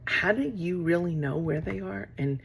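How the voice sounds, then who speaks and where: A woman's voice: lowish voice, moderate pace, vocal fry, a little hiss or hum. A middle-aged woman talking casually to camera from her office, rambling and acting out conversations she has had. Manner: rambling, acts out quoted exchanges. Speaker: vlogger.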